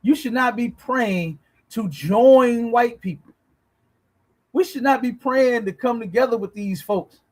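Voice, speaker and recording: A man with a rather high voice holds forth on a livestream, reacting to clips. He talks bluntly and preachily, curses freely, and keeps checking in with his listeners. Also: a little slow, poor audio. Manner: blunt, preachy, swears, asks "you understand?". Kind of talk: casual commentary on a livestream.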